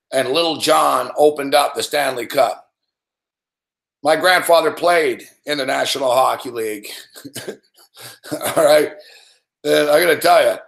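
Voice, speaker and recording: With a gravelly voice on the higher side, the host of a live sports betting reaction stream curses and rants, hollering at the games. The space around him is echoey.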